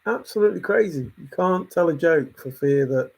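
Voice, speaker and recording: Speaking at normal speed, a channel host vents his opinions casually, his voice a bit husky and pitched slightly above most men's. He's animated and clearly exasperated, returning again and again to the same arguments.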